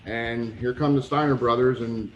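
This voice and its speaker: A man guest in a casual interview, telling lively anecdotes and acting out the people he quotes. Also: medium pitch, moderate pace, muffled recording, faint music behind. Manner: animated anecdotes, acts out quoted voices, swears. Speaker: retired pro wrestler, guest.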